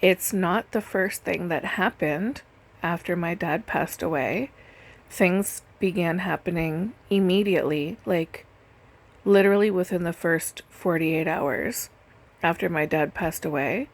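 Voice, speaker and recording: Woman, voice-over storyteller, chatty, fry in the voice, slow delivery. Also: fairly low pitch. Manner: chatty, lots of "like" and "literally". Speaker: nail and lash technician telling stories. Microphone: voice-over recorded separately.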